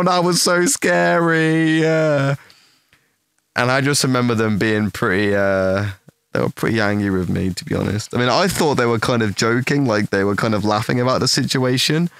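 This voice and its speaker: A young man with a medium-pitched voice tells his stream a rambling, profane story in a casual way, acting out what the people in it said. The recording is dry, and the anecdote is animated.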